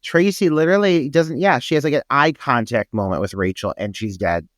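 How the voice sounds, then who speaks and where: A man's voice: medium pitch, fairly quick, fairly bright tone, no echo, clean studio sound. A man co-hosting a podcast, giving laid-back, profane opinions on a film. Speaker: podcast co-host. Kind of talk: casual film discussion.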